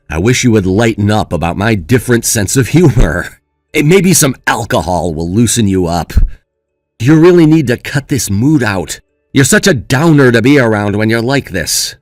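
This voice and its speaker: Male actor as a smug groom, lively pitch, dry close sound, faint music behind; dismissive and taunting. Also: no echo. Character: smug careless young groom who mocks.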